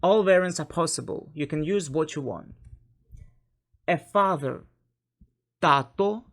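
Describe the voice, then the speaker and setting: Slow-speaking Ukrainian-accented woman teacher. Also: low voice. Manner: hesitant, many fillers and self-corrections, light laughs. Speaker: language teacher. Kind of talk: online language lesson.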